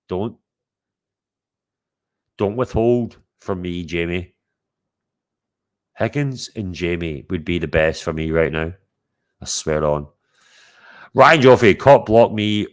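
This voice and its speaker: A man's voice: deep voice, unhurried, pauses often. A Scottish man hosting a livestream, boisterous and sweary, calling out to his viewers in casual chat. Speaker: livestream host.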